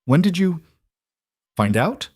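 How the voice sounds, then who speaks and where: A man voicing a stunned, commanding mafia boss husband whose voice comes out rough. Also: fairly high pitch, very animated, takes it slowly, darkish tone, dry recording, clean studio sound, voice pushed up, exaggerated voice. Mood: shaken. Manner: rough, strained.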